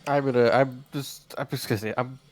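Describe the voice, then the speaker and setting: A man playing a tabletop game, talking in quick stumbling restarts with rules questions. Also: mid-range voice, fairly even intonation. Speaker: player. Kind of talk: casual game table chat.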